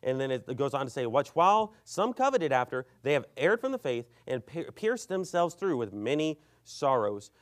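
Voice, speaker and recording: A man preaching a sermon, telling an argument story with lively acted-out quotes and reading scripture aloud. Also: mid-range voice, moderate pace, hardly any pauses. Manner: animated storytelling, acts out both sides of an argument; reads scripture aloud in King James wording. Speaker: pastor.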